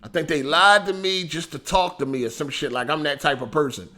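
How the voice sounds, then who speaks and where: Animated profane man chatting on stream. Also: on the high side, brisk. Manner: animated, profane, laughs often, swings loud to mumbled. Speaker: gaming streamer. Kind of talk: casual livestream chat.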